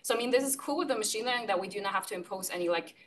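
A woman, the author of a paper, replying to her discussant in a measured, hesitant way with frequent fillers. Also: mid-range voice, fairly bright tone. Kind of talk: academic reply. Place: conference session room. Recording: distant mic with faint room noise.

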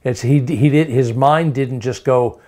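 A man's voice: mid-range voice, unhurried, darkish tone. A man preaching a sermon, emphatic, piling up rhetorical questions and repeating words for stress.

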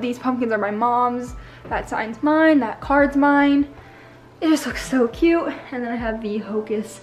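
A young woman giving a casual room tour vlog, bubbly and gushing, slightly out of breath. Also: high voice. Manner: bubbly, gushing, repeats "so cute". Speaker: vlogger.

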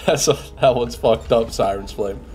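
A man's voice: mid-range voice, moderate pace, a little mellow, faint music behind. A young man streaming a game live, chatting casually with viewers, reading chat aloud and swearing now and then, while sick with a head cold. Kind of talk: casual live gameplay commentary.

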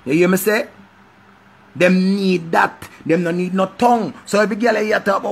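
Jamaican male vlogger, fairly high voice, animated and repetitive, profane commentary. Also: moderate pace, vocal fry. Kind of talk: casual commentary.

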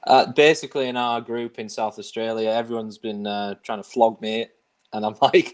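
A man from England, a guest tabletop player in a casual interview, easygoing and quick to laugh. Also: fairly low pitch, fairly even intonation, clear, resonant tone. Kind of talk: casual video-call interview.

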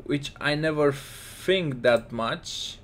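A man with casually commentating his football game, excitable and scolding his players. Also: on the high side, slow pace. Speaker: gaming commentator.

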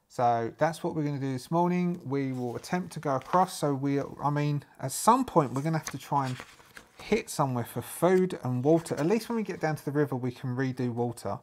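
A man's voice: fairly high pitch, animated, a little fast. Man from Ireland, casual solo-game narrator, rambling and thinking aloud, many fillers.

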